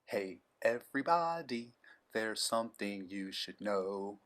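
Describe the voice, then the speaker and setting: A man's voice: lowish voice, expressive, takes it slowly, fairly bright tone, voice pushed up. A man voicing a laid-back puppet show emcee who announces the show in a rhythmic sing-song. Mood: inviting.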